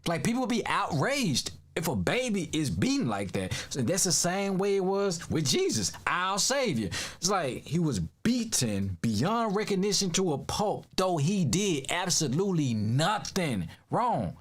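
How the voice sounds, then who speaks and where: A man's voice: high voice, sing-song, measured pace, few pauses. A man giving casual reaction commentary, emphatic and slangy, laughing often.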